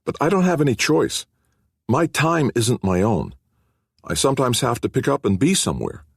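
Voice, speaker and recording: A man's voice: mid-range voice, very animated, normal speed, creaky, breathy edge, dry recording, clean studio sound, voice pushed up, full character voice. A man reading an audiobook, voicing a defiant teenage boy who talks in a blunt, flippant, stubborn way.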